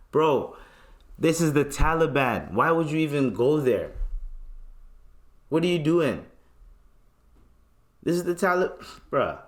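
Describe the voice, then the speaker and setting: A man hosting a podcast alone, ranting loosely with lots of slang and swearing. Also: mid-range voice. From Canada. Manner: loose, profane, rambling rant with slang. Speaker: podcast host. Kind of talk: casual solo commentary.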